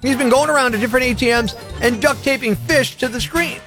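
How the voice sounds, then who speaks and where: A man's voice: very high voice, fairly quick, music in the background. A man hosting a morning radio show, talking in a brash, mocking, sarcastic way. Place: radio studio.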